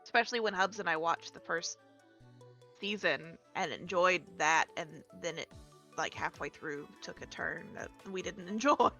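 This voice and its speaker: Woman co-player, lowish voice with a bright, sharp edge, dry quips, faint music behind. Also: normal speed. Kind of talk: casual gameplay chat.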